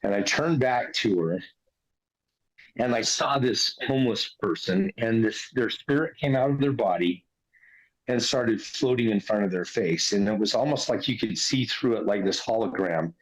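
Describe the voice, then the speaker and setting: A man's voice: on the low side, moderate pace, low-quality recording. A man casually recounting a spiritual experience in an earnest, conversational way. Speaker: interviewee recounting near-death experience. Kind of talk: casual storytelling.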